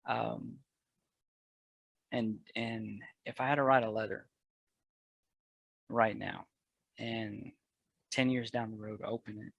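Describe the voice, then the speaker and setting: Earnest man with a gravelly voice. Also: lowish voice, fairly even intonation, slow, long pauses, no echo, lo-fi sound. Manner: earnest, emotional, grows loud and fervent about faith. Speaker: podcast guest. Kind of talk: candid personal conversation.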